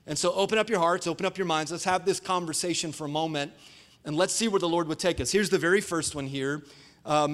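A man delivers an energetic sermon to a church congregation, his voice sitting a little high for a man. He keeps urging the crowd to answer back. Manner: energetic, calls for congregation response. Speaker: pastor. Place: church sanctuary before a live congregation.

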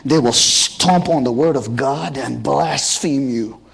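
A man preaching in the role of Satan as a male prosecuting attorney, listing accusations in a husky, slow voice. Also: medium pitch, a bit bright, heavily acted. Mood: accusing. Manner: accusing, listing charges one after another.

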